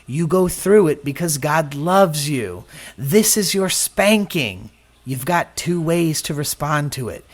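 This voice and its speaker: A man's voice: a little high, lively intonation, slow pace. A man preaching a sermon, mixing personal testimony with scripture and acting out the voices he quotes.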